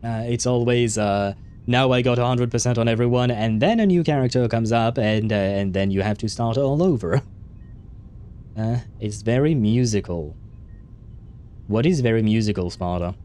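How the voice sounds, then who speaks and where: A man's voice: mid-range voice, moderate pace, mellow, a little hiss or hum. A man streaming a game, chatting along in a rambling way and often chuckling. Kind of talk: casual let's play commentary.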